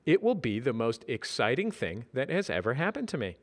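A man's voice: medium pitch, big pitch swings, brisk. A man voicing Simon, an earnest young office worker who speaks in a precise, slightly grand way.

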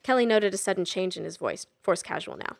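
A woman narrating a novel in a steady, even storytelling manner. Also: medium pitch, fairly quick, creaky. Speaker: audiobook narrator. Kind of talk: scripted narration.

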